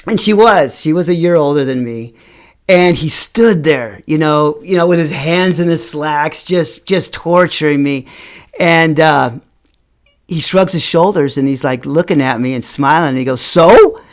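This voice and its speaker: A middle-aged man tells a personal story to his vlog audience. He speaks in halting stretches, repeats words, and his voice rises and falls in pitch and loudness. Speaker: vlogger.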